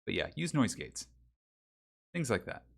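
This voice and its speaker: A man's voice: medium pitch, sing-song, measured pace, creaky. A man streaming a game, chatting casually with his viewers, rambling and reading their names aloud, on a desk mic with a pop filter. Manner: rambling, talks to chat, reads names aloud. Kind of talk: casual livestream chat. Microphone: desk mic with pop filter and windsock.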